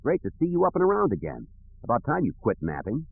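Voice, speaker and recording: A man reading an audiobook, voicing a brash, cheerful male space smuggler who talks loudly and quickly. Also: a little high, vocal fry, husky, voice pushed up, heavily acted. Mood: excited. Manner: loud, excited and quick. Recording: tinny phone-like audio.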